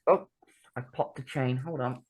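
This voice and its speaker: A woman with a bass voice co-hosts a podcast, talking casually in a steady, darkish tone and a little slowly. She is chatty, swears freely and laughs often.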